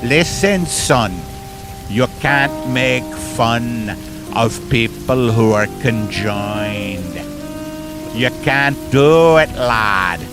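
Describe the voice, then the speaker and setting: A man's voice: medium pitch, animated, slow pace, music in the background. A man putting on an old-timey nineteen-thirties movie cop in an improvised comedy sketch, calling people sonny boy. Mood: needling.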